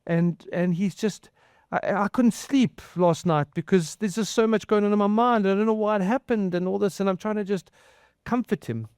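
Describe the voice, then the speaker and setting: A man preaching a conversational sermon as pastor, earnest and halting, often repeating and restarting his words. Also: high-pitched, a little mellow, smooth, dry recording, clean studio sound. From outside the US.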